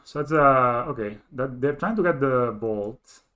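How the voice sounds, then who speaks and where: A man's voice: mid-range voice, a little slow, clear, resonant tone. A man streaming a card game, thinking aloud as he counts plays and muttering to himself. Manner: thinks aloud, counting and muttering, bursts into excited laughing disbelief. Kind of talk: live gameplay commentary.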